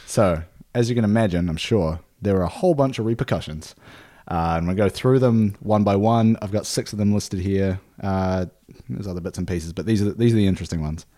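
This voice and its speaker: A man's voice: low voice, a little fast, mellow. A man hosting a podcast, casually telling a history story from his notes, with fillers and easy laughs. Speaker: podcast host.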